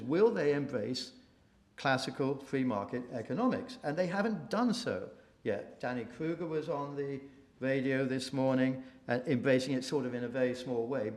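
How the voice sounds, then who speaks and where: A man speaking at a policy briefing event, halting often with restarts and fillers, mocking opposing views. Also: mid-range voice. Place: event room. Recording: echoey room.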